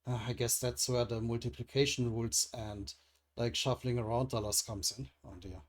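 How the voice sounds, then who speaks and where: A man's voice: medium pitch, fairly even intonation, normal speed. A man reading a comic aloud and commenting as he goes, musing and hesitant, with frequent restarts. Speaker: comic readthrough host.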